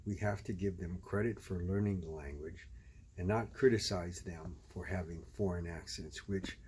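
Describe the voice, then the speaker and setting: Low-voiced man explaining calmly. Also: slight background noise. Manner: measured, explanatory, switches between English and Spanish. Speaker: language video host. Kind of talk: casual spoken commentary.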